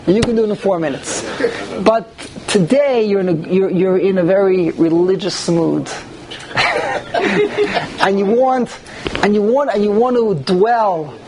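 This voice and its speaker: A man's voice: sits high, moderate pace, hardly any pauses, a crowd in the background. A man teaching a Torah class on prayer law to a small group, posing rhetorical questions and restarting sentences often.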